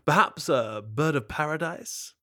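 A man voicing a sly, dapper male fox who flatters with theatrical, mock-genuine praise. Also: on the high side, a little slow, voice pushed up. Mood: flattering.

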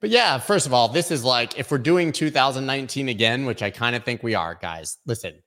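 A man's voice: medium pitch, lively intonation, brisk, sharp tone. A man hosting a weekly crypto news show, talking casually with many fillers and opinionated asides. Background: construction noise.

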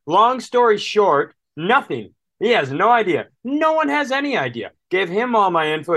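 A man's voice: high-pitched, very animated, moderate pace, fairly bright tone, no room sound. Man with a slight drawl, very dry sound. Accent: slight Southern drawl. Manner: storytelling, acting out phone calls with voices; exasperated, swearing rants. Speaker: podcast co-host. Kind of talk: casual chat.

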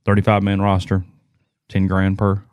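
Rambling, self-deprecating man, fairly low voice. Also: monotone, moderate pace, darkish tone, smooth, no echo. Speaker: sports podcast co-host. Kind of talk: casual sports talk.

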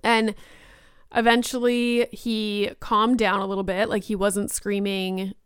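A young podcast host tells a casual story in a chatty way, her speech filled with "like." Her medium-pitched voice is flat and unhurried, clean in tone with no echo, and recorded at studio quality.

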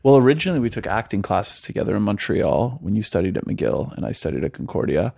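A man's voice: on the low side, big pitch swings, fast talker, creaky, warm tone, no echo, clean studio sound. A man chatting casually as a guest at his home, talking in a loose way with many fillers. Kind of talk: casual chat. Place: apartment at home.

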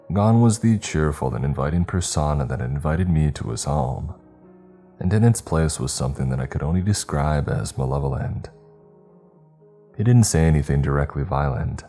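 Man, extremely deep voice, scripted horror narration, measured tense delivery, faint background music. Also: dark tone.

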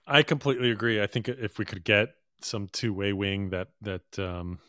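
Male co-host, slightly low pitch, dry booth sound, relaxed and opinionated. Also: normal speed, no echo. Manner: easygoing, opinionated, with fillers. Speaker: podcast co-host. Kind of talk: casual basketball chat.

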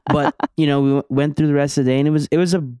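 A man's voice: a little high, fairly even intonation, rapid-fire, dark tone, smooth, no room sound, clean studio sound. A young man co-hosting a podcast, telling stories in a laid-back way full of slang. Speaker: podcast co-host. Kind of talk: casual chat.

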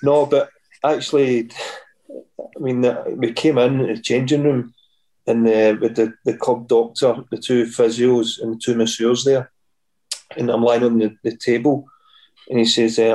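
A middle-aged Scottish former footballer, appearing as a podcast guest, tells rambling stories and voices the people in them. He's unhurried, with a level, darkish, mid-range voice, heard through poor audio.

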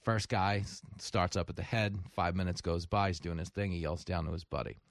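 A male radio host bantering and telling jokes in a comedic, animated way in a studio. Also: low-pitched, fairly quick, no echo. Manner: joking, animated, tells jokes with voices.

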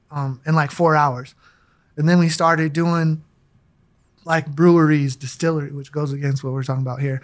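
A man's voice: on the high side, a bit bright. A man from Denver, a guest on an interview show, telling his recovery story in a candid, slangy way. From Denver, USA. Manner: slangy and candid, acts out quoted voices.

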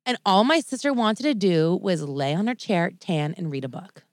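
A woman co-hosting a podcast, telling a story in an animated way with lots of "like" fillers. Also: fairly low pitch, normal speed, no echo, clean studio sound. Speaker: podcast co-host. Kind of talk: casual chat, storytelling.

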